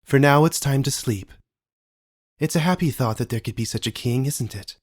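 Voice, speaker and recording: A man voicing a calm, caring mother rabbit in a storybook, with a gentle, soothing manner. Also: medium pitch, normal speed, pitched above the performer's own voice, close to an everyday voice.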